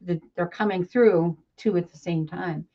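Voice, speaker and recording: A woman speaking as a psychic medium in a relaxed live chat, calm and measured as she explains things. Her voice sits somewhat low for a woman. The audio is a little dull and lo-fi. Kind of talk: casual conversation on a live broadcast.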